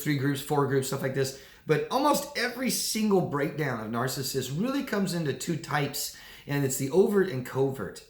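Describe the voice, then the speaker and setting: A man, a coach, talking casually to camera with animated delivery, often repeating words. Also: mid-range voice. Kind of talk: casual talking-head video. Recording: echoey room.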